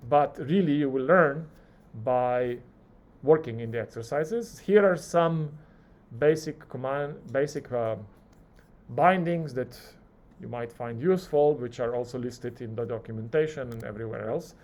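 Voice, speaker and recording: A male lecturer teaching a live coding class, talking through each keystroke and acting out the software's replies. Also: mid-range voice, unhurried.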